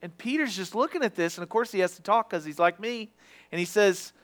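A man preaching a sermon with passion, swinging from loud to hushed and sometimes stumbling over his words. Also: high-pitched, animated, brisk.

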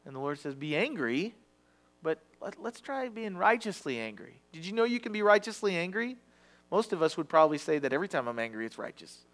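A man's voice: a little high, fairly bright tone. A man preaching a sermon in a conversational, confessional way, acting out quoted voices. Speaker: pastor.

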